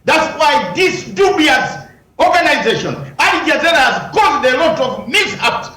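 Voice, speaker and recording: A man's voice: extremely high pitch, big pitch swings, unhurried, sharp tone, reverberant, rough recording. A man, a lawyer, arguing combatively in a heated news interview, firing rhetorical questions and raising his voice at times.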